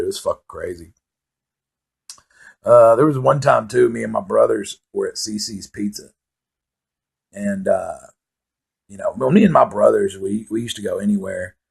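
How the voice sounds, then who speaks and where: A man's voice: lowish voice, normal speed, gravelly, pauses often, a little mellow, slightly rough. A man telling profane, rambling comic stories in a casual monologue. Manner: profane, rambling, laid-back storytelling with laughs.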